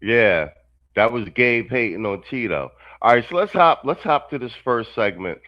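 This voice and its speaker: Halting, lo-fi male political host. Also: medium pitch, lively intonation, no echo. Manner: measured, halting with many fillers. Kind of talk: political commentary.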